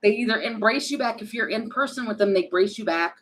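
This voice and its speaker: A woman doing a casual tarot reading, thinking aloud and animated, with many fillers and restarts. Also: medium pitch, fast talker, poor audio. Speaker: tarot reader.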